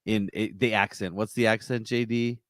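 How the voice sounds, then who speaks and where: A man with a low voice chats casually as a podcast co-host, telling stories in a relaxed way. His voice sounds dry and close to the mic. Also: moderate pace, no room sound. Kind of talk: casual chat.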